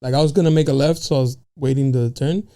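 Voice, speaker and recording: A man co-hosting a podcast, telling a story in a loose, animated way with lots of swearing. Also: medium pitch, fast talker. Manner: animated, swears a lot, laughs often. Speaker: podcast co-host. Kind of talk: casual chat.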